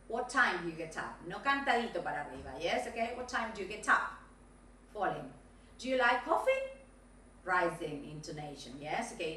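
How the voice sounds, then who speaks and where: A woman English teacher, giving a recorded video lesson to young learners, dictating slowly and clearly with frequent "okay?" checks. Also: on the high side, bright, forceful tone, distant mic. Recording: echoey room, voice a bit off mic, faint noise.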